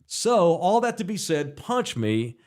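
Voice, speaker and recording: Forties man hosting a podcast; loud, animated storyteller who swears freely. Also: sits high, slow. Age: 40s. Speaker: podcast host. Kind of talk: casual chat.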